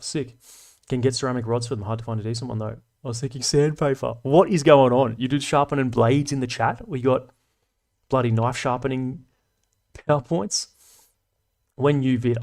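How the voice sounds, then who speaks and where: An Australian man in his thirties hosts a casual livestream chat, laid-back and slangy, swearing often. His mid-range voice has a darkish tone, fairly even intonation, and a moderate pace.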